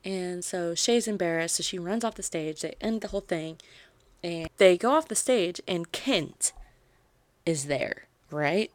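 A woman hosting a book podcast, retelling a novel's plot in a chatty, animated way with lots of "like" fillers. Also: fairly low pitch, a little slow, no room sound. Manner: animated storytelling, frequent "like" fillers.

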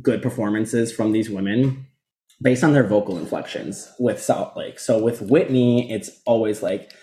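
A man's voice: lowish voice, normal speed, dark tone. A man co-hosting a casual podcast chat, talking with many fillers and acting out what others said. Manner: chatty, full of fillers, acts out quoted lines. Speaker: podcast co-host. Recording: roomy echo.

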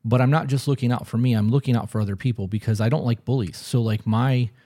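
A man's voice: mid-range voice, fast, mellow. A man co-hosting a casual podcast conversation, talking in a blunt, emphatic way with frequent swearing. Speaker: podcast co-host.

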